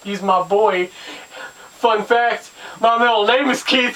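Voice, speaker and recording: A man's voice: high voice, slow, sharp tone, far from the mic, a little hiss or hum, poor audio. A man hosting a casual video review of an old cartoon, chatty and full of jokey asides. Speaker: show host and reviewer.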